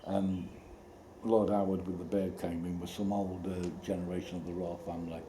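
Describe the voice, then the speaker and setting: Rambling man, low voice, noisy outdoor echo. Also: flat delivery. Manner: rambling, halting, with many restarts and sudden outbursts. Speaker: storyteller. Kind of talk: rambling personal monologue. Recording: roomy echo with loud background noise.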